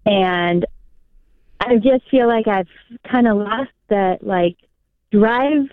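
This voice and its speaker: A woman's voice: mid-range voice, takes it slowly, no room sound. A woman in her thirties calling an advice show, hesitant and asking for encouragement. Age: 30s. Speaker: caller. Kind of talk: phone call to an advice show. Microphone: telephone. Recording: thin phone line.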